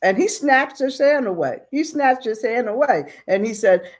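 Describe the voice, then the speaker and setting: A woman's voice: a little high, lively intonation, moderate pace. A woman casually retelling a western story in a chatty way, with asides to the listener.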